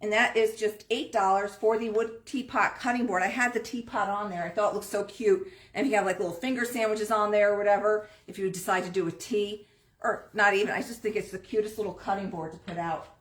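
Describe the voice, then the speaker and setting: A woman's voice: medium pitch, steady tone, fairly quick. A woman hosting a live online sale from an antique shop, chatting her way through items and prices. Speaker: antique shop host selling on a live stream. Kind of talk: live online sales pitch. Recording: roomy echo.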